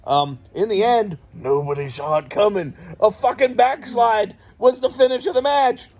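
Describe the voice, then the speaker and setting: A man hosting a casual reaction chat, excitable and profane, often laughing and breaking into shouts. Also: high-pitched, normal speed. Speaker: host of a toy and wrestling channel.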